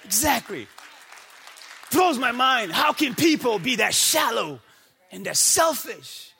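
A man from the United States preaching a sermon in church with impassioned shouting and rhetorical questions. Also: extremely high pitch, very animated, slow, creaky, some chatter behind, slight background noise. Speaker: pastor. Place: church before a congregation.

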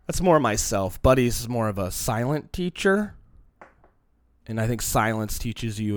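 A man's voice: medium pitch, measured pace, dry recording, studio quality. A man and comedian rambling in a casual, profane vlog monologue to a phone camera, his voice a little shaky. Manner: profane, rambling, animated with mocking quoted voices. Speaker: comedian self-producing a video. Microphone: phone used as camera.

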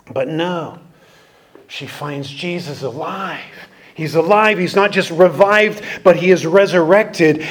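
A man preaching a sermon, earnest, rising to emphatic peaks and then dropping soft. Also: on the high side. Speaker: pastor.

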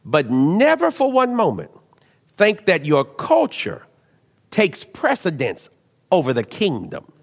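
In a large hall, a man delivers a sermon at a slow pace, telling stories animatedly as he drops into low asides and then rises to shouts.

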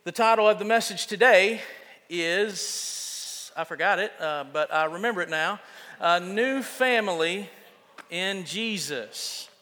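A man's voice: high-pitched, measured pace, sharp tone, big-room sound. A man preaching a sermon as pastor, casual and self-deprecating, often restarting his sentences.

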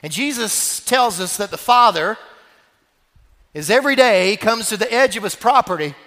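A man's voice: high voice, expressive, normal speed, sharp tone. A man pastor preaching a sermon, telling a story dramatically. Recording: long reverb of a church hall.

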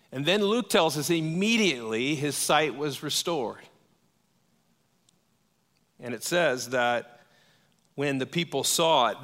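A man preaching a sermon, telling a story with lively energy and acting out the voices in it. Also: medium pitch. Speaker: pastor. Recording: long hall reverb.

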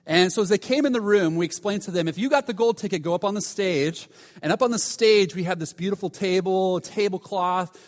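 Pastor with a high voice in a reverberant church. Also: male voice. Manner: conversational, animated storytelling with many restarts. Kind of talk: sermon with storytelling. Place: church sanctuary.

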